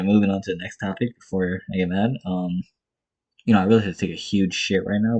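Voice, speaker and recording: A man's voice: on the low side, a little mellow, husky. A young man ranting casually and profanely about fight cards in his own vlog, blunt and exasperated, hammering points in short repeated bursts. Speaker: MMA commentator vlogger.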